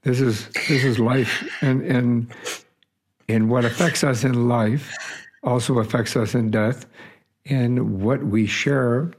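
Man, host, gravelly voice, calm reassuring tone, stammering restarts. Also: mid-range voice, slow. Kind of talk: reassuring interview talk.

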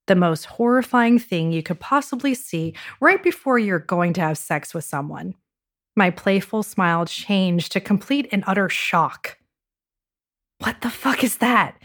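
A woman hosting a podcast, narrating a personal dating story with intimate hushed passages and wry, sarcastic asides. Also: mid-range voice, unhurried. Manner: intimate, dropping to a hushed whisper for racy moments. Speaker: podcast host.

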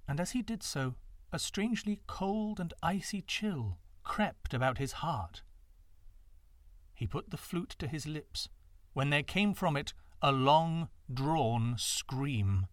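A man narrating folktales in an expressive, dramatic reading. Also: mid-range voice, no echo, studio quality. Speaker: storyteller. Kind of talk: scripted storybook narration.

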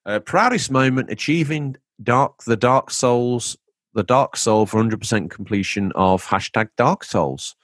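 A man's voice: medium pitch, measured pace, fairly bright tone, no echo, studio quality. A man hosting a casual gaming podcast, joking and reading out listener messages. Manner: jokey, reads listener messages aloud. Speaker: podcast host.

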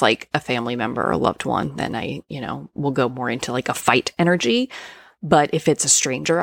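A woman's voice: deep voice, vocal fry, dry recording, studio quality. A woman who works as a coach, frankly and conversationally telling a personal story, with plenty of fillers and casual swearing. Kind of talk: candid personal storytelling monologue.

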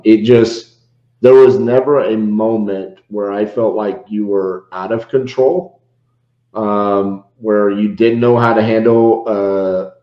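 A low-voiced man hosts a casual podcast conversation, rambling and animated, often restarting his sentences. The recording sounds dull and lo-fi, with echo from the room around him.

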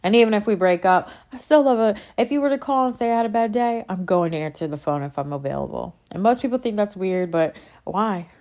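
A woman's voice: medium pitch, expressive, a little fast, few pauses, a little mellow. A woman speaking casually and with passion about her faith, rambling and interrupting herself as she gets worked up. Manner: impassioned, rambling, self-interrupting. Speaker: faith vlogger. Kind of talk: casual spiritual monologue.

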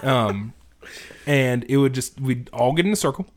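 A young man talking in an easygoing, conversational way. He tells stories at an even middle pitch and laughs often between phrases. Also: moderate pace, noisy background. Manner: laid-back storytelling, laughs often. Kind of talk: casual chat.

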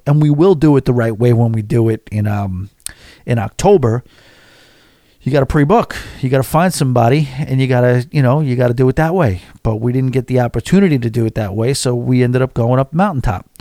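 A man in a vlog, telling a story in a chatty, animated way and acting out what people said. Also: medium pitch, no echo, studio quality. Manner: animated, chatty, acts out quotes. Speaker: vlogger. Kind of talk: casual storytelling.

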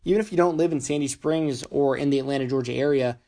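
A male podcast host running through sponsor plugs in a loose, conversational way. His voice sits in a middle pitch and is starting to wear out, and he trips and restarts his words now and then. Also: quick pace, warm tone. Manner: chatty, stumbles and restarts words. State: losing his voice. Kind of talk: casual podcast sponsor reads.

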